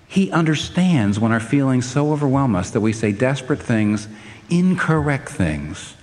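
An older man preaching a sermon in an animated way, his voice climbing to emphatic peaks, with frequent restarts. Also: medium pitch, moderate pace, big-room sound.

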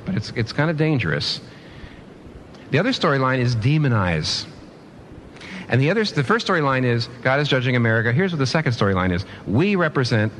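A man preaching a sermon in a middle-pitched voice that rises and falls widely as he presses his points. He poses rhetorical questions and stumbles into quick restarts. A faint noise sits under the recording. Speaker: pastor.

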